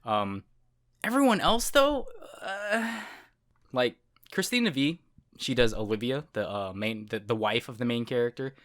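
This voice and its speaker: A man's voice: mid-range voice, sing-song, a little slow, fairly bright tone. Rambling man chatting casually. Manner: rambling, self-correcting, laughs often. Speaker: podcast co-host. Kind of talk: casual chat.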